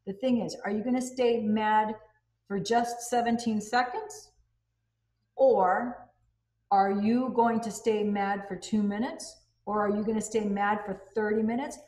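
A woman hosting a casual talk about self-help, animated and acting out quoted phrases. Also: mid-range voice, measured pace. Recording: echoey room.

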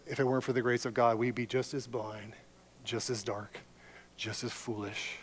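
A male pastor giving a sermon, going from hushed, quiet passages to loud, impassioned appeals. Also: medium pitch, steady tone, moderate pace.

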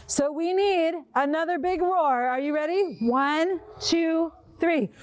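A woman's voice: very high-pitched, slow, dry recording. A woman librarian leading a children's storytime, reading a picture book aloud and coaxing kids to buzz, roar and act along. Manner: animated, sing-song, coaxing children to join in.

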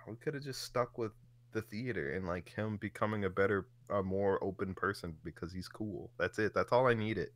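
A man co-hosting a podcast, animated, swearing and laughing as he tells a story in casual chat. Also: fairly low pitch, moderate pace, dry recording. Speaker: podcast co-host.

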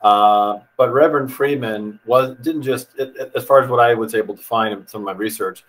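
A man hosting a conversation, asking a thoughtful, measured question. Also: medium pitch, fairly bright tone, low-quality recording. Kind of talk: interview question.

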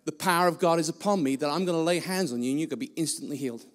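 Male guest preacher, high voice, blunt and self-deprecating, church-hall echo. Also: very fast. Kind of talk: sermon.

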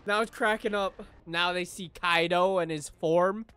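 A young man reacting to an anime episode, swearing freely and shouting with excitement. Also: high-pitched, a little slow, hardly any pauses, smooth. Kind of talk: live reaction commentary.

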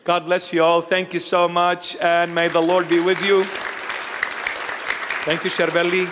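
High-voiced man preaching in a reverberant hall. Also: a little slow, crowd noise, noisy background. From Assyrian. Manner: animated storytelling, swings from loud to hushed. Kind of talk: sermon.

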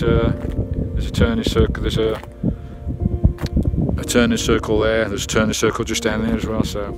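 A British man vlogging casually from inside his camper van, chatting and swearing lightly. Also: lowish voice. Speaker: vanlife vlogger. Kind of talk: casual vlog chat.

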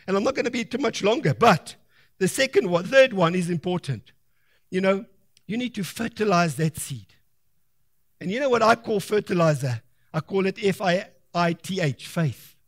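A male pastor giving a sermon, animated and emphatic, acting out little quoted exchanges as he preaches. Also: high-pitched. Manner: animated preaching, rising to loud declarations; acts out quoted voices of doubters and believers.

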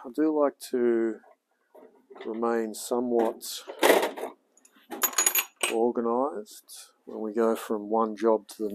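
A man's voice: medium pitch, noisy background. An Australian man in his forties, a hobby mechanic chatting casually on a livestream as he works in his home workshop and talks to himself. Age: 40s. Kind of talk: casual livestream chat while working.

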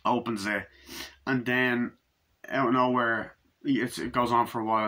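Bright-voiced man recapping a movie casually. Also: mid-range voice, fairly even intonation. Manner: loose, profane retelling of scenes with lots of ums; slips into quick acted quotes of characters. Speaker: movie reviewer.

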